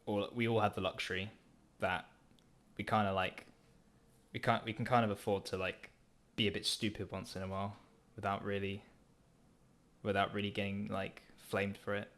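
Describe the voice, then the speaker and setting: A young man with a lowish voice talks loosely on a game stream. He rambles with lots of fillers and laughs often. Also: little pitch movement, normal speed, long pauses, fairly bright tone. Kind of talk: casual gaming stream chat.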